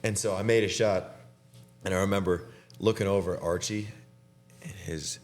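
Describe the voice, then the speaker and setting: Here a young college basketball player hosting his podcast talks with a teammate, his voice sitting low with a steady tone and a moderate pace. Relaxed and talkative, he laughs frequently and leans heavily on the word "dude."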